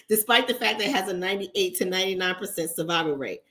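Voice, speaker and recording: A woman's voice: fairly quick, few pauses. A woman with a Bronx accent, casually chatting with viewers on a livestream in a blunt, profane manner. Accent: New York, Bronx. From New York, the Bronx. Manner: blunt, profane, animated, mimics others in high voices. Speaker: relationship coach and livestream host.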